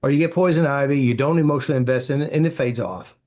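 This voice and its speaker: A man's voice: mid-range voice, very fast, darkish tone. A man, a therapy practitioner, answering interview questions with anecdotes, acting out quoted dialogue and filling with "you know".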